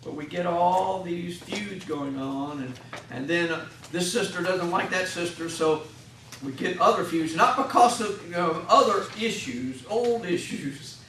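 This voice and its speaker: A man's voice: sits high, measured pace, fairly bright tone, a little hiss or hum. A man, a hospital chaplain instructor, giving a classroom lecture in a folksy way and acting out patients and families in little scenes. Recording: echoey room, mic at a distance.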